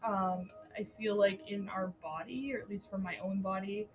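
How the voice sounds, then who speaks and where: A woman's voice: mid-range voice, fairly even intonation, moderate pace, muffled recording, over music. Chatty swearing woman podcast host. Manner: chatty, swears freely, laughs often. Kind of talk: casual chat.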